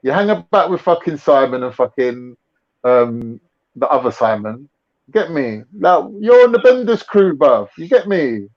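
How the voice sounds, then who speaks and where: A man's voice: fairly high pitch, very animated, measured pace. A young man with a London accent hosting a casual livestream chat, full of mocking slangy banter. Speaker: livestream host. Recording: lo-fi livestream audio.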